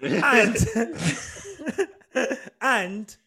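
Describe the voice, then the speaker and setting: Animated high-voiced man. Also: very slow, husky. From Britain. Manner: animated, loud bursts, slangy. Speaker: podcast co-host. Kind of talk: casual podcast chat.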